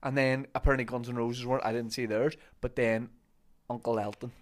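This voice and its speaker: A man's voice: medium pitch, flat delivery, a little fast. A man, a guest on a podcast, chatting casually about gigs and restarting his sentences. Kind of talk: casual comedic chat.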